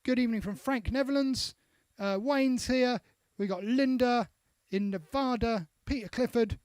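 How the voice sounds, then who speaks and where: A man's voice: very high voice, a little slow, a little mellow, no room sound. A man co-hosting a live stream, chattily reading out viewer comments with small asides. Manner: chatty, reads out names with asides. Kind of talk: casual live-stream chat.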